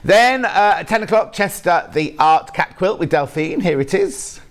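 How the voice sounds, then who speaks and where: A man's voice: high-pitched, animated, normal speed. Chatty man presenting on a shopping channel. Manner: chatty, jokey, reads viewer messages aloud. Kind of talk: live TV sales chat. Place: TV studio.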